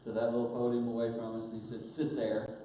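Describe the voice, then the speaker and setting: An older man telling a personal story in a sermon, earnest, growing hushed at painful moments. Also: mid-range voice, monotone, racing. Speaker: guest speaker. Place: church auditorium. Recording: very echoey church hall, faint hiss.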